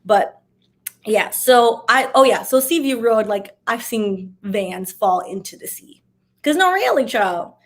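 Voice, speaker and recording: A woman's voice: medium pitch, fairly even intonation, slow. A young woman from Miami, chatting casually as she answers viewer questions, with sassy, wry asides. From Miami, USA. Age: young adult. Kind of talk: casual Q&A chat.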